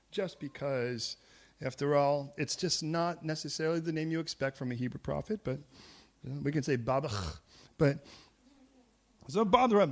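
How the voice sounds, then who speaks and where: A male preacher delivers a sermon in a church, animated and full of jokes. His voice sits fairly high for a man. He slips readily into acted voices for the figures he describes. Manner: lively and humorous, acts out quoted voices. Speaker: pastor.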